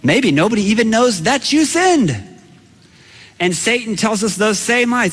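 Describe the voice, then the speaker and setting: A man preaching a storytelling sermon, animated and acting out his own shouts. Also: high voice, unhurried, breathy edge, big-room sound.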